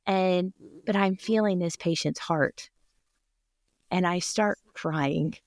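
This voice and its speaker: A woman in her forties, a surgical technology department chair, telling an animated personal story in a podcast interview and laughing often. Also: fairly low pitch, takes it slowly. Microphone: podcast microphone.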